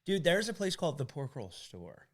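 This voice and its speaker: A man, a podcast guest chatting casually, excitable and swearing freely. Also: fairly high pitch, moderate pace. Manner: excitable, says "dude" a lot, swears casually. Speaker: podcast guest, hot sauce maker. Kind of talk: casual chat.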